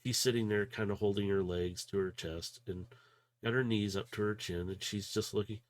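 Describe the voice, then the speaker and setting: A man narrating as game master in a relaxed, rambling, hesitant way. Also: fairly low pitch, normal speed. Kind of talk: narrating a tabletop role-play.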